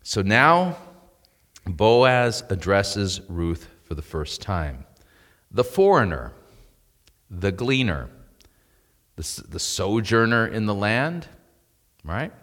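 A man's voice: on the low side, big pitch swings, slow pace, long pauses, fairly bright tone, long reverb tail. A man preaching an expository sermon in a church, reading scripture and breaking off into asides and rhetorical questions. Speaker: pastor.

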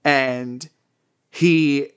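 A man's voice: medium pitch, steady tone, drawn-out words, fairly bright tone, clear, resonant tone. A young man being interviewed, telling candid personal stories in a chatty way, with many fillers and frequent laughter.

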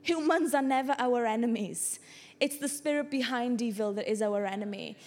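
A woman's voice: a little high, moderate pace, a little mellow. A woman pastor, preaching an earnest sermon to her church that builds to impassioned exhortation. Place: church hall.

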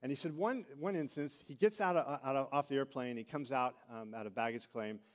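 This middle-aged pastor's sermon moves a little fast in a mid-range voice. He tells lively stories and voices the characters he quotes.

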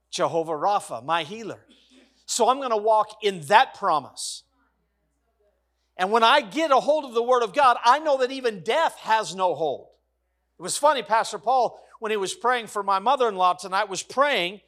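Male pastor, middle-aged, high voice, emphatic sermon cadence, jumps from shouts to near-hush. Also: lively intonation, normal speed. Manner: swings between loud exclamations and hushed soft passages; emphatic, repetitive preaching cadence.

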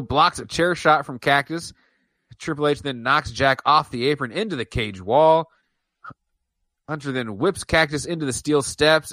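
A man co-hosting a wrestling podcast, chatting casually with a bright, forceful edge. He gets animated, laughs often, and trails off mid-thought. The sound is dry and close-miked. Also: mid-range voice, no room sound. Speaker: podcast co-host. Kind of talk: casual wrestling review chat.

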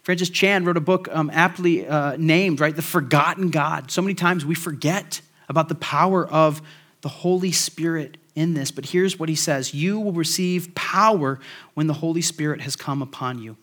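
A man's voice: on the high side, normal speed, fairly bright tone. A male pastor preaching a sermon to his church in a conversational way, with many fillers, then closing in prayer. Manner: conversational, frequent fillers, prays to close.

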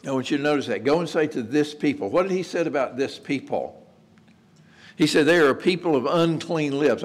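Conversational male pastor preaching. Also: mid-range voice. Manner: conversational preaching with rhetorical questions; repeats words as he restarts. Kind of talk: sermon.

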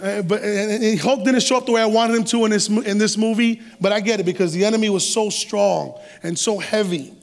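Middle-aged man, guest preacher, lively streetwise sermon, high-pitched, echoing church hall. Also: brisk, gravelly, hardly any pauses. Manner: animated, streetwise humor, acts out quotes. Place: church sanctuary.

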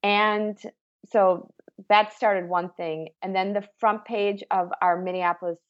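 A middle-aged woman telling her personal story as an interviewee, in a halting, emotional way with frequent restarts. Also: mid-range voice, steady tone, muffled recording. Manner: emotional, halting retelling with self-corrections.

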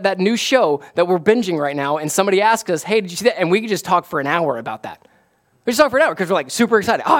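A man, a pastor, preaching a casual, conversational sermon that rises to excited emphasis. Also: fairly high pitch. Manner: animated, rising to excited emphasis.

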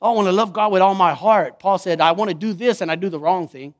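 A man preaching a sermon in an animated way, acting out the voices he quotes. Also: high voice, fast. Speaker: pastor.

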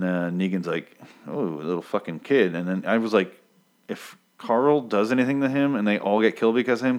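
Casting note: rambling man recapping with heavy swearing, voice on the low side. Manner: rambling, excitable, swears freely, self-interrupting. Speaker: comic book recap host. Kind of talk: casual profane recap rant.

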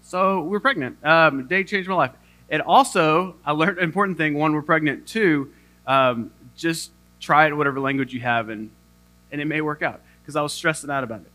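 A young man preaching with a bright, forceful voice pitched a little high. He tells a funny story against himself, moving between jokes and earnest points as he speaks to his listeners. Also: moderate pace. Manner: humorous self-deprecating storytelling. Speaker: pastor. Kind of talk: sermon.

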